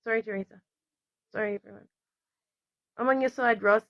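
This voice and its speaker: A woman with a slightly high voice talks straight to camera in a rambling, emotional flow and keeps stopping to apologize. The sound is dull and lo-fi. The room is dry, with no echo. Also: steady tone, a little fast. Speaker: vlogger. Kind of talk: casual rambling monologue to camera. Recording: dull lo-fi recording.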